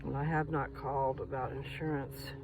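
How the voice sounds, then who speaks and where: A man's voice: mid-range voice, flat delivery, normal speed, noisy background. A man rambling to his viewers as he walks outdoors along a path, recording on a handheld phone. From Colorado. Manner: rambling, talks to viewers while walking. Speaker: vlogger. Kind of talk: casual walking vlog.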